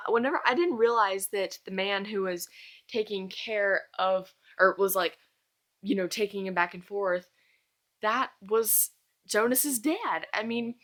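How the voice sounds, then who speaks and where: A young woman reviewing a book series in a casual vlog, gushing and exclaiming with fangirl excitement. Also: medium pitch. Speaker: book vlogger.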